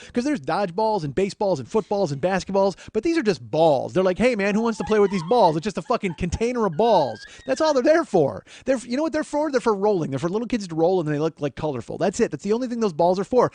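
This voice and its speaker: A man's voice: high voice, a little mellow, dry recording. A man hosting a comedy podcast, telling a story as an exasperated, profane monologue. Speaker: podcast host.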